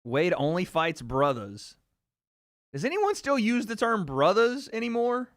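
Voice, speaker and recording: A man's voice: high voice, wildly swooping pitch, a bit bright, no echo, clean studio sound. A man hosting a casual livestream, joking and swearing while chatting with his viewers. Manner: joking, profane, quick asides to chat. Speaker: livestream host. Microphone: streaming microphone.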